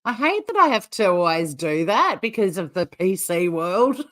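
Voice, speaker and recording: A middle-aged woman with an Australian accent hosting a casual livestream, blunt and quick to swear, often breaking into laughter as she chats. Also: medium pitch, sing-song, fairly bright tone. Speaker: livestream host. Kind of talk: casual livestream chat reacting to a clip.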